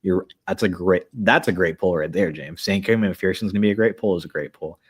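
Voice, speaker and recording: A man hosting a sports podcast in a relaxed, joking, chatty way. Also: low voice, fairly quick, breathy edge. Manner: relaxed, joking, upbeat sign-off. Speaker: podcast host. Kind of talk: casual podcast chat.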